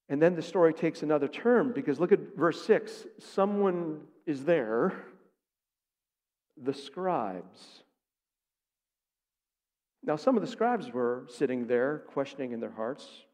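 A man's voice: on the high side, animated, takes it slowly, long pauses, darkish tone. A man preaching a sermon as pastor, speaking emphatically and putting rhetorical questions to his congregation. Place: church sanctuary. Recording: long reverb of a large sanctuary.

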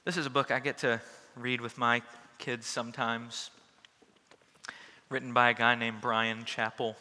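A male pastor reading a children's story aloud to end his sermon, with a bright, forward tone. He addresses the kids in a warm, animated way. The voice trails into a long reverb from a large church sanctuary. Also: mid-range voice, a little slow.

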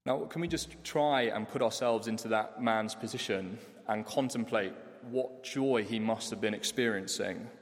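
A man preaching a sermon in a church, telling a story in an animated, humorous way. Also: fairly low pitch, moderate pace, hardly any pauses. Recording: church hall reverb.

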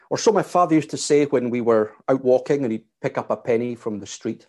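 A man preaching a sermon in a measured, emphatic way. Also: medium pitch, a little mellow. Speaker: pastor.

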